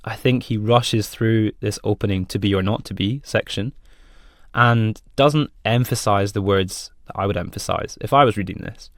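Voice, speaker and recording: A man with a fairly low voice walks through a software demo. His tone is friendly and plainly explanatory, and the sound is dry and close to the mic. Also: normal speed, dry recording. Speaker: product presenter.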